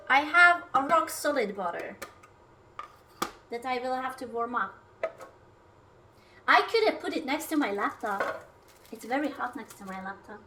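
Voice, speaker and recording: A woman's voice: sits high, sharp tone, distant mic, slight background noise. A woman streaming herself cooking at home, chatting casually, rambling, swearing often and talking to her food and her viewers. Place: home kitchen.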